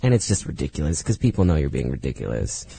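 A man's voice: rumbling low, very animated, fast, vocal fry, mellow, husky, dry recording. A man guest, an actor, chatting in a laid-back, talkative way and laughing often. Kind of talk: casual chat.

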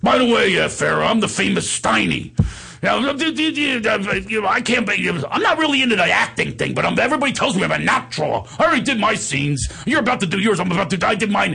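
A man voicing a brash, boastful buddy who talks loud and stammers out his bravado. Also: high voice, huge pitch swings, fast talker, vocal fry, husky, voice pushed up, heavily acted.

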